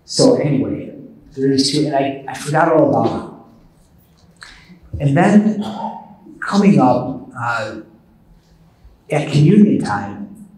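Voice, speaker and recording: A man, a priest, tells a story in a relaxed, self-deprecating way, with frequent asides. His voice sits at an ordinary pitch. It is heard from a distance in a big, echoing hall. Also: takes it slowly, pauses often. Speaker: priest giving a retreat talk. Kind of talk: storytelling sermon. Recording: echoey hall, voice from far off.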